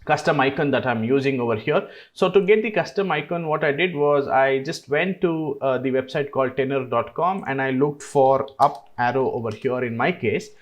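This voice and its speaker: A man hosting a screen-recorded software tutorial, explaining each step in a relaxed way with frequent "uh"s. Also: mid-range voice, normal speed, few pauses. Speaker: tutorial host.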